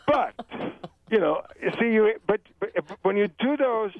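An older man, a guest author, telling jokes and talking about humor in a radio interview, animated and given to slipping into voices. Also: sits high, a little slow, no room sound. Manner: animated storyteller, jumps into joke voices. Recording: dry tinny radio phone-line sound.

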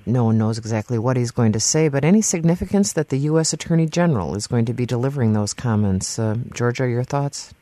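A woman hosting a public radio panel discussion from a studio, speaking in a measured way with frequent filler words. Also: a bass voice, lively intonation, dark tone, dry recording. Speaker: radio talk show host. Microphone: studio microphone.

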